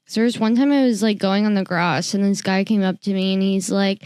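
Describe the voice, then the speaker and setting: A woman's voice: medium pitch, quick pace, clear, resonant tone, no room sound. Chatty young woman with a dry, close sound. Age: young adult. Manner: chatty storyteller, animated, lots of fillers and restarts. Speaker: podcast co-host. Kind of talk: casual chat.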